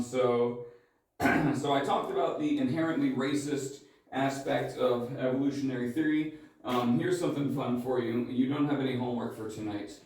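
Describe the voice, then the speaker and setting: A man's voice: mid-range voice, darkish tone. A man teaching a church class, talking casually with lots of "um" and restarts. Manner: casual, many fillers and restarts. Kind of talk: classroom lecture. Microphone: mic far from the speaker. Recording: very echoey room, distant mic.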